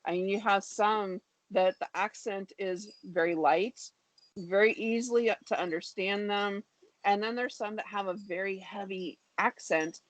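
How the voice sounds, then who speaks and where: A woman in her fifties with an American accent, calmly explaining things as a guest on a video call. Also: mid-range voice, measured pace, dry recording, low-quality recording. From United States. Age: 50s. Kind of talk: casual conversation on a video call.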